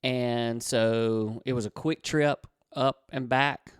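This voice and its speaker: A man's voice: mid-range voice, steady tone, takes it slowly, smooth, no echo, clean studio sound. A man in his forties co-hosting a marriage podcast, telling a story in a rambling, casual way and correcting himself often. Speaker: podcast co-host.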